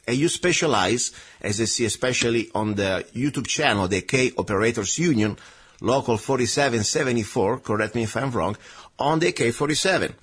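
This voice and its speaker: A man hosting a talk radio show, lively and joking, quick to laugh with his guest. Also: mid-range voice, husky. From outside the United States.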